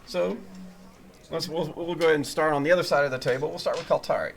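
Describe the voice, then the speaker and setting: A man's voice: on the high side, fast talker, gravelly. A man narrating as game master at a tabletop game, in a loose, rambling way with many fillers and restarts.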